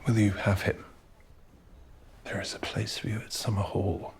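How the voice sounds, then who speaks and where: A cynical, fed-up prince with a flat RP English voice. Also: male voice, lowish voice, normal speed, gravelly, a little hiss or hum. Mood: curt. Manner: curt and cynical. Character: cynical, fed-up middle-aged royal prince. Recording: TV drama clip with faint ambience.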